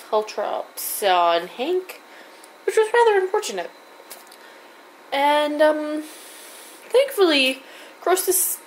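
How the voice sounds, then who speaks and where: A woman recapping her character's adventures in a slow, unhurried way, her voice sitting fairly high. She halts often, filling gaps with little fillers, and sounds amused by the tale. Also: a little hiss or hum, poor audio. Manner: halting, many fillers, amused.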